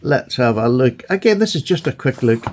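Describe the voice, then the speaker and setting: A man chatting excitedly and gushing as he unboxes and admires his new knives. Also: medium pitch, a little fast, a little hiss or hum. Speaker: knife collector vlogger. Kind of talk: casual unboxing chat.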